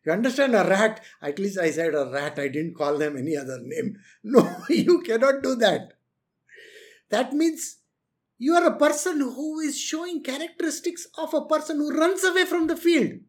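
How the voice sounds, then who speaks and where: Spiritual teacher, lively delivery with wide pitch swings, frequent laughter, plays out quotes. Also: moderate pace. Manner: animated, laughs often, acts out quotes. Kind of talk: lecture on renunciation.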